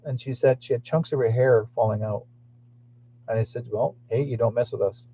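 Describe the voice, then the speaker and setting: A man's voice: mid-range voice, steady tone, moderate pace, warm tone, highs cut off, a little hiss or hum. A man hosting a psychic talk show, telling stories in a rambling way with many restarts and reading viewer comments aloud.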